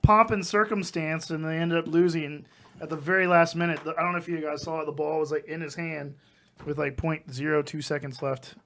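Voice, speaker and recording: Eager, chatty man, voice a touch higher than most. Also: fairly even intonation, fairly quick, a bit bright. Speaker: podcast co-host. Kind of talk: casual chat.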